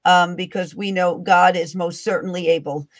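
A woman's voice: on the low side, steady tone, moderate pace. A woman hosting a faith-based interview show, affirming her guest with frequent agreeing murmurs. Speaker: host.

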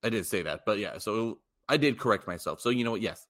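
A man co-hosting a sports podcast, chatting casually and halting with restarts as he makes his point. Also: lowish voice, expressive, a bit bright. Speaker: podcast co-host.

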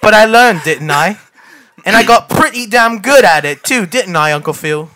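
Guy faking a british accent, brash young dude, laughing through it, bright lively voice. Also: high voice, moderate pace. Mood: giggly mock-British. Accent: put-on British. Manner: giggly, mock-British slang. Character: brash young man abandoned by his father. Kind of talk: amateur comic scene reading.

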